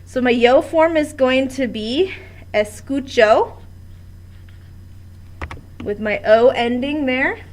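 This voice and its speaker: A woman's voice: high voice, measured pace, few pauses, a little hiss or hum. A woman teaching a Spanish grammar lesson at a board in a classroom, explaining step by step with patience.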